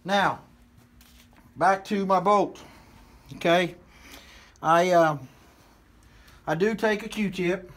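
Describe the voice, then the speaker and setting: High-voiced west virginia guy, slow folksy how-to talk, lots of uhs. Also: a bit bright. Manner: folksy, rambling, many fillers. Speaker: hunting channel host. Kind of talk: casual how-to demonstration.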